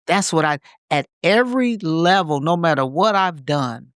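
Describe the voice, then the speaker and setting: A man's voice: fairly high pitch, moderate pace, fairly bright tone, clean tone, no echo, clean studio sound. A man co-hosting a podcast in a reflective, casual conversation, speaking emphatically and repeating phrases to drive his points home. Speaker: podcast co-host.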